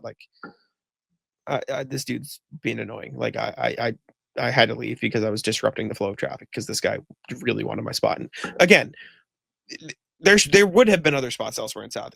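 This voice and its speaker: Casual podcast co-host, a man with a gravelly, fry-heavy voice, venting through a long story. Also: medium pitch, a bit bright, no echo. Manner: rambling storytelling with many "like" fillers and swearing; exasperated ranting. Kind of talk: casual chat.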